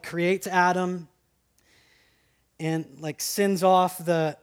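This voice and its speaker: A man preaching a sermon in a conversational way, asking the room "right?" and acting out quoted voices. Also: a little high. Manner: acts out quoted voices for humor. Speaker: pastor.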